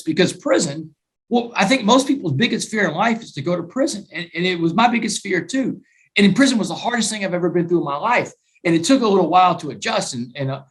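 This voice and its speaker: An animated man tells his story as a talk-show guest. His voice sits fairly high, and he keeps pressing his points with emphatic restarts. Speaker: guest author and speaker.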